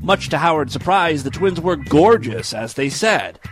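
A man's voice: fairly high pitch, lively intonation, normal speed, soft background music. A man reading a crude story aloud for comedy, breaking off with sarcastic asides. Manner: sarcastic asides, laughing at the text. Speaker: comedic reader of fan stories.

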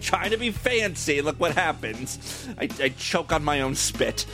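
A man's voice: fairly high pitch, animated, unhurried, over music. A man hosting a podcast, chatting loosely and laughing easily as he reacts to callers and signs off. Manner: laughs often, loose and jokey. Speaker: podcast host. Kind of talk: casual podcast chat.

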